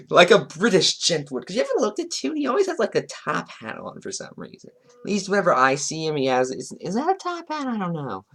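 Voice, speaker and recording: Wry, animated male commentary vlogger. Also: high voice, a little fast, creaky. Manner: sarcastic, wry asides with chuckles. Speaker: commentary YouTuber. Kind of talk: commentary vlog reading chat logs aloud.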